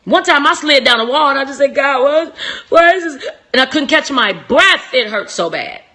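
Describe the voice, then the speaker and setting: A young woman hosting a live-stream relationship talk, preachy and emphatic, repeating phrases and swinging from soft to shouting. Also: sits high, expressive, a little fast.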